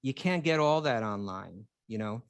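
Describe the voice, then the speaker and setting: A man's voice: lowish voice, expressive, moderate pace, clean tone, no room sound. A man co-hosting a casual spiritual chat, earnestly explaining his ideas and building his points step by step. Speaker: co-host.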